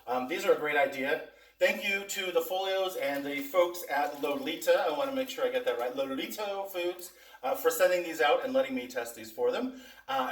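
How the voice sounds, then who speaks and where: A man hosting a casual food taste-test vlog, chatting to viewers and talking with his mouth full as he eats. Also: fairly high pitch. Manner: chatty, talks with mouth full while eating. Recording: echoey room, mic at a distance.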